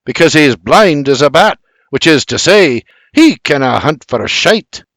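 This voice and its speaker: A crafty bootlegger full of swagger, as a man puts him on for an audiobook, rolling out a broad brogue. His voice sits a little above an ordinary man's speaking pitch and swoops lively over each sly boast. It sounds dry and close, with no room around it. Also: measured pace, dry recording, exaggerated voice. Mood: boastful. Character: crafty Scottish-tongued male bootlegger, boastful.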